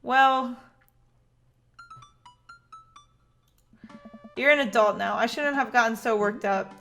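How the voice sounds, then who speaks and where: A woman's voice: a little high, moderate pace, creaky, bright, forceful tone, soft background music. A woman reading a dating-game script aloud as an anxious, rambling middle-aged single father. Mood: sheepish. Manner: fretful, rambling, self-mocking. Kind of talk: reading a visual novel aloud.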